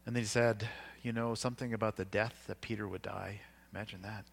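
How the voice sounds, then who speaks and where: A man's voice: on the low side, fairly even intonation, fairly quick, creaky. A man preaching a sermon, retelling scripture in everyday words with fillers and restarts.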